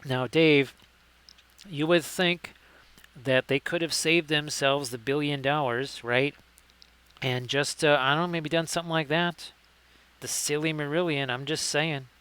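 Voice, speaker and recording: Bright-voiced man hosting a painting stream. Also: a little high, fairly even intonation, a little slow, smooth. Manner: chatty, jokey, many fillers, greets chat viewers. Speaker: live-stream host and miniature painter. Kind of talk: casual live-stream chat.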